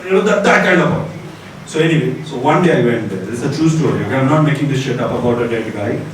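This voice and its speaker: A young man doing a stand-up set at a college festival, telling a story with animated delivery and low deadpan asides. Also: fast talker. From Bengal, India. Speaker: stand-up comedian. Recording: echoey hall with crowd noise, far mic.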